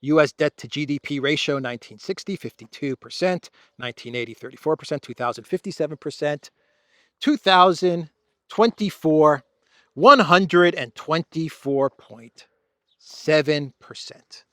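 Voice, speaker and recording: A man who grew up in Greece, a show host, giving casual solo commentary in a sardonic, drawn-out way with laughing asides, recorded outdoors among trees. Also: a little high, sharp tone, dry recording, clean studio sound.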